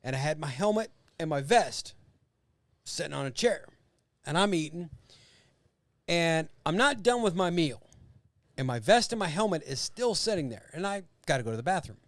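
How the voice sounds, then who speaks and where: A man's voice: fairly high pitch, normal speed, long pauses, no room sound. A man co-hosting a podcast, telling casual stories with profanity and acted-out voices. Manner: animated, profane, acts out voices and sounds. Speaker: podcast co-host. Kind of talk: casual storytelling chat.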